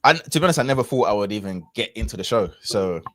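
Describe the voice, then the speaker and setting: A man speaks low and unhurried, working through a personal story with fillers and false starts. His voice is close and dry, with no room sound around it. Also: lively intonation, fairly bright tone, no room sound. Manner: reflective, rambling with many fillers and restarts. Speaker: podcast guest. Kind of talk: casual storytelling chat.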